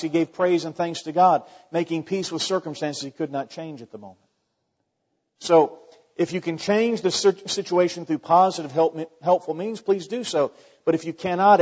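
A man's voice: a little high, warm tone. Man preaching in a reverberant hall. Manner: conversational preaching with rhetorical questions and frequent restarts. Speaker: pastor. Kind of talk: sermon. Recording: muffled sound with long hall reverb.

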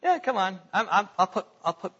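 A man's voice: high voice, big pitch swings, a little fast, sharp tone, breathy edge. A man preaching a sermon, speaking emphatically, repeating words as he builds points and quoting scripture. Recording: long hall reverb, dull lo-fi sound.

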